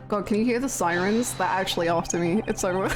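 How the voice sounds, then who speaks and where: A woman's voice: medium pitch, a little fast. A woman streamer giving giggly, self-mocking commentary on a game playthrough. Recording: music playing behind the voice.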